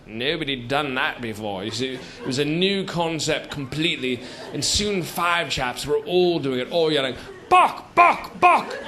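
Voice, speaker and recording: Speaking at a medium pitch and moderate pace with hardly any pauses and a fairly bright tone, a stand-up comedian performs on a theater stage as a rambling old British chap. Every line is padded with "you see" and "sort of," captured in a noisy live recording before an audience.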